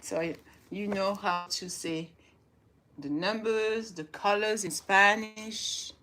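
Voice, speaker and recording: A woman's voice: medium pitch, steady tone, takes it slowly, bright, forceful tone. A woman in her forties hosting a casual live stream from home, upbeat and motivational, laughing often as she reads and chats. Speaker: livestream host. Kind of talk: casual live chat, reading aloud.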